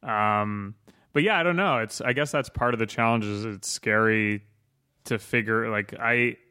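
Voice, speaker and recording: A man's voice: on the low side, moderate pace, sharp tone, smooth. A man in his thirties, a guest on a podcast, talking in a hesitant, understated way. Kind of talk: casual interview chat.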